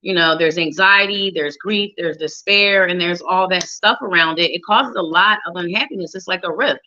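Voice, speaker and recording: A woman's voice: on the low side, moderate pace, pushed and bright, a little hiss or hum. A woman giving tarot readings on a live show, chatty and playful, talking straight to viewers by name and humming little tunes. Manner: hums and sings little tunes while shuffling. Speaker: psychic reader on a live show. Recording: dull lo-fi livestream audio.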